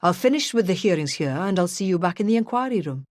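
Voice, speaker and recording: A woman narrator voicing a brisk, businesslike male crown prosecutor with a Welsh accent. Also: high voice, lively intonation, no echo, clean studio sound.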